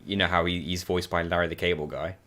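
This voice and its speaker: A man's voice: low voice, steady tone, fast talker, sharp tone. A man chatting casually while playing a co-op video game, telling stories animatedly and laughing often. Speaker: co-op gaming channel host.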